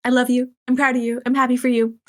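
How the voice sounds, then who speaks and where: A woman's voice: on the high side, level tone, fast talker. A woman playing a tabletop role-playing game, chatty and teasing, full of "like". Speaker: player. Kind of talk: casual tabletop role-play banter.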